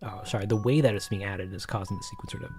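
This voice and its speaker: A man casually telling a rambling story while he works through a game development project, with many restarts and excited bursts. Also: lowish voice, very fast. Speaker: game developer showing his work. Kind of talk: casual screen-recorded dev vlog with storytelling.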